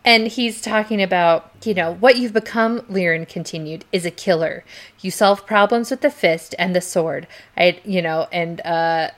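A woman co-hosting a podcast, chatting casually about a book and retelling scenes with excited, acted-out quotes. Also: on the low side, normal speed. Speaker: podcast co-host.

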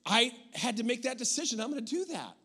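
A middle-aged pastor with a high voice who preaches in an energetic, conversational way. He often restarts and repeats himself as his thoughts run ahead, sounding more like he is talking with people than lecturing them. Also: quick pace, breathy edge. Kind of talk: sermon.

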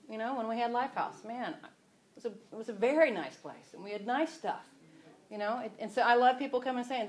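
A woman teaching from the Bible in a casual, rambling devotional style. She often breaks off and restarts her sentences. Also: fairly high pitch. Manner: chatty, rambling, self-interrupting.

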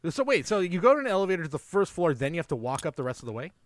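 Man, podcast co-host, casual film chat, fairly high voice, very animated pitch, dry close sound. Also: very fast, no room sound. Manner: lively, laughs often, recaps the plot.

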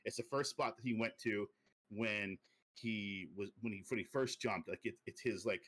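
A young man casually chatting on a podcast, pitching a movie sequel in a rambling way full of fillers. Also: normal speed. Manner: rambling storytelling with many fillers, drops low and quiet for quoted lines. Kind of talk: casual chat.

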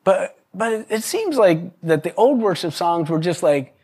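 A man preaching to his congregation in a lively, story-driven way. His voice sits a little high for a man, and he breaks into laughter and quick impressions of the people in his stories. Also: slightly rough. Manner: animated storyteller, acts out quoted voices, laughs often, many restarts. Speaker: pastor. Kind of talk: sermon with storytelling.

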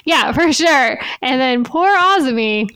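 A woman's voice: sits high, lively intonation, measured pace, sharp tone, clear, resonant tone. A young woman chatting playfully about anime with her co-hosts and sharing her fan theories with a giggle. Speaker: podcast co-host. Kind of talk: casual anime fan chat.

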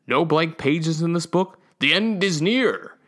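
A man voicing the gloomy male leader of a strange race of dwellers, speaking slowly in a raised voice. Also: expressive, fairly bright tone. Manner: slow, high, doom-laden.

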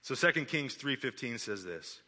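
A man preaching a sermon in a church auditorium, animated and conversational with playful asides. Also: mid-range voice, normal speed. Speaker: pastor. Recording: long reverb of a large hall.

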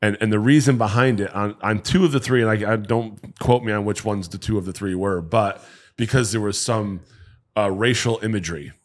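A man's voice: on the low side, a little fast. A man co-hosting a podcast, blunt and opinionated, talking in casual chat and often cutting in. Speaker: podcast co-host.

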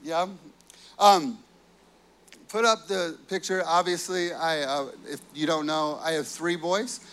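A man's voice: on the high side, fairly even intonation, slow pace, fairly bright tone, clear, resonant tone. A man in his thirties, a pastor telling a family story in his sermon, chatty and full of filler words. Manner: chatty, full of "like" and "you know".

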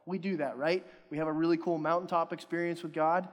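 A man's voice: a little high, little pitch movement, quick pace. Youngish male preacher, casual and joking. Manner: casual, joking, self-deprecating. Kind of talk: sermon. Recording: long hall reverb.

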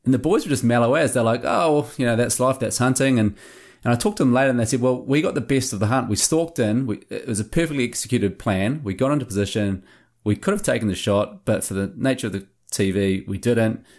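A man, a hunting show producer telling lively hunting stories in a casual interview. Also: medium pitch, fast. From New Zealand. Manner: animated anecdotes with acted-out quotes.

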